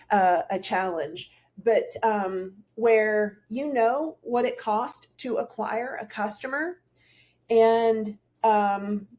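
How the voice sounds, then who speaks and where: A woman's voice: medium pitch, darkish tone. Earnest middle-aged woman rambling to camera. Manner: earnest, rambling with fillers and restarts. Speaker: host. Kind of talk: casual solo talk to camera.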